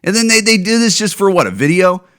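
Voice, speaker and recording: A man's voice: sits high, lively intonation, fast, fairly bright tone. A man hosting a podcast, ranting in a profane, exasperated way about viral videos and stumbling over repeated words. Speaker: podcast host.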